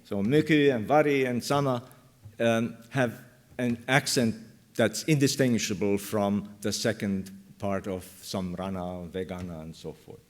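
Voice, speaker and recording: Male academic presenting at a workshop, lowish voice, pauses and fillers throughout. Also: steady tone. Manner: hesitant, many fillers, thinking aloud. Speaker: linguistics lecturer. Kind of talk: academic conference talk. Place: university lecture room.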